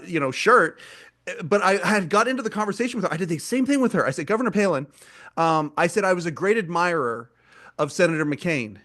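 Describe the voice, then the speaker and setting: A man hosting a podcast in casual chat, telling stories with animation and stumbling over repeated words when excited. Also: fairly high pitch. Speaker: podcast host.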